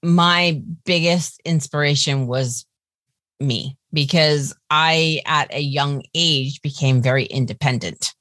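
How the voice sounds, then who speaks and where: A woman's voice: low voice, takes it slowly, a bit bright, no echo, studio quality. A woman in her fifties with a New York accent, a guest telling her life story in a candid, chatty way. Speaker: interview guest. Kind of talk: casual interview chat.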